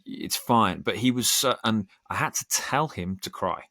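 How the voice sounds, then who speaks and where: A man's voice: fairly low pitch, animated, sharp tone, dry recording, studio quality. A man, a podcast guest telling earnest stories in casual conversation. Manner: earnest, storytelling, quick bursts. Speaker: podcast guest, band singer.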